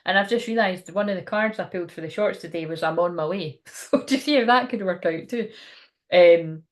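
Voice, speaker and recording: A woman's voice: fairly low pitch, fairly quick. A young woman giving a casual, frank tarot reading on a livestream, laughing often and swearing now and then. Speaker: tarot card reader.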